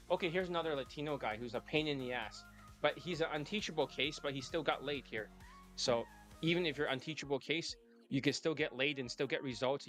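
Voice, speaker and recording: A man's voice: medium pitch, fairly bright tone. A man coaching his students live, talking bluntly and swearing often as he lectures. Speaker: dating coach.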